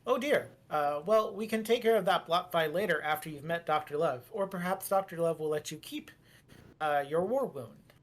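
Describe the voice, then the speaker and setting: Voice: mid-range voice, normal speed, natural voice. A game master voicing a polite, cheerful robot guide who speaks matter-of-factly about grim things, in a tabletop role-play. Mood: chipper.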